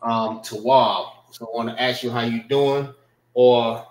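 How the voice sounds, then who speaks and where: A man teaches an informal class at an unhurried pace. His voice sits at an ordinary pitch, and he keeps checking in with his students. The sound is roomy and echoey. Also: fairly even intonation. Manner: slow, explanatory, repeats "all right" and checks on students. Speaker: class instructor.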